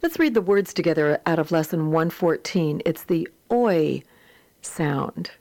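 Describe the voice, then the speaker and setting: A woman teaching a phonics lesson, reading word lists and sentences aloud with careful, deliberate enunciation. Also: on the low side, expressive, a little mellow, no echo.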